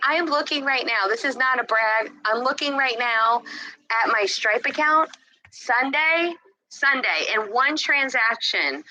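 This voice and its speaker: A woman's voice: medium pitch, pushed and bright, rough recording. A woman giving a faith-based motivational talk, emphatic and repetitive, often speaking straight to her listeners.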